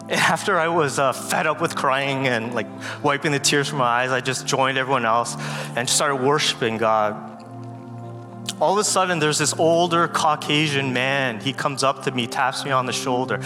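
A man giving a guest sermon, telling a personal story in an earnest, halting way with many fillers, close to tears. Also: medium pitch. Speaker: guest speaker. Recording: long hall reverb with loud music.

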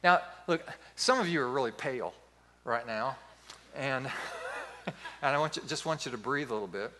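A man in his fifties preaching a sermon as pastor, telling stories in an animated, playful way. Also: mid-range voice, normal speed, background noise.

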